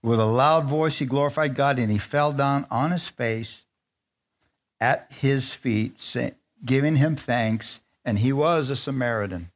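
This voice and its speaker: A man preaching a sermon to a congregation, lively, laughing often and asking for amens as he retells scripture stories. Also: a little slow. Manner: animated, asks the congregation for amens; laughs often, acts out quotes in a higher voice. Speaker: pastor.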